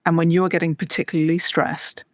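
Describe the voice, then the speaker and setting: A woman's voice: fairly low pitch, flat delivery, a little fast, dry recording, studio quality. A woman, a podcast guest, explaining ideas in a thoughtful conversational way with wry, self-deprecating asides.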